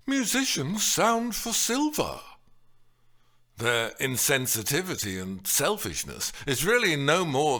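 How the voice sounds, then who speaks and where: Slow, lively-pitched man analysing a play. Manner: measured, acts out quoted lines with raised voice. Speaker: literary analyst. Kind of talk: scripted literary analysis.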